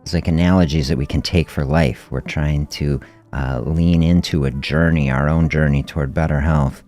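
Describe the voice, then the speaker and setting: This middle-aged host of a fasting health podcast has a very deep voice and shares a story during a casual livestream. His manner is relaxed and reflective, with frequent chuckles, and soft music runs behind him.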